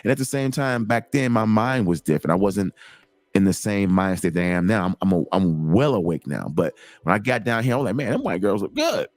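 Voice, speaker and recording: A middle-aged man hosting a show, telling a personal story in a casual, animated, digressive way. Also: deep voice, brisk, no room sound, soft background music. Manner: animated, digressive, lots of repeated starts. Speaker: host.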